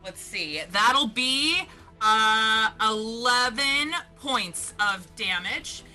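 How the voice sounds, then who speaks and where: A woman's voice: a little high, animated, drawn-out words, sharp tone, faint music behind. A woman playing in a tabletop game, describing her character's actions. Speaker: player. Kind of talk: casual tabletop game talk.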